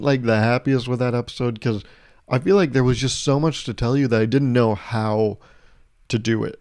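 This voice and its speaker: A young man hosts his own solo comedy podcast, rambling through a sarcastic, jokey monologue and laughing at his own jokes. His mid-range voice is gravelly and a little mellow, captured as clean studio sound with no echo.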